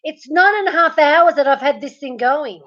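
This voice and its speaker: A high-voiced woman hosts a livestream from bed at home, speaking at a moderate pace with a fairly bright tone, though the highs are cut off. Losing her voice, she chats casually over comments, greeting viewers by name and laughing a lot.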